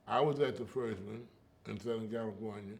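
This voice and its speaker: A man's voice: on the low side, fairly quick, vocal fry. An older man in an interview, talking in a rhythmic, emphatic way and often tagging lines with "you know" and "okay.". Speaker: interviewee, griot. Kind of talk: casual conversational storytelling.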